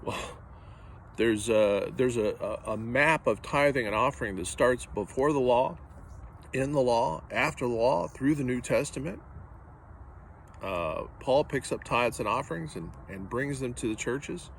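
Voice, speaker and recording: A man's voice: medium pitch, a little slow, vocal fry, a little hiss or hum. A man preaching a sermon as pastor, earnest and direct, driving points home with repetition.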